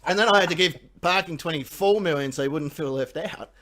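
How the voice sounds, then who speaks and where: Here an Australian man fronts a live quiz, trading casual banter, cracking jokes, laughing often and cursing freely. He talks fairly quickly in a slightly high, somewhat bright voice.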